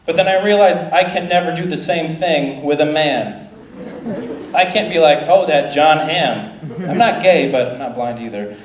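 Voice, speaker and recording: A man's voice: fairly high pitch, normal speed, recorded from a distance, lo-fi sound. A male stand-up comedian doing a rambling, self-deprecating opening set live on a club stage. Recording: roomy live club, crowd noise. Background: audience laughter and ambient noise.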